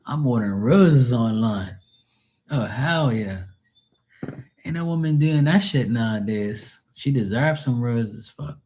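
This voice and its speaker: A man's voice: medium pitch, takes it slowly. A man reading tarot on a live stream, telling blunt, profane stories in casual chat and mocking the people he quotes. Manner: animated, mocking quoted voices.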